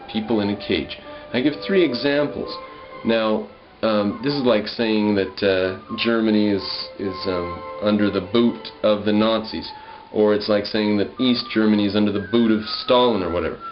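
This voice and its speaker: A man reading lines of his poem aloud and musing over how he wrote them, pausing often with ums and restarts. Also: lowish voice, lo-fi sound, faint music behind. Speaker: poet. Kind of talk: casual spoken commentary on his own poem.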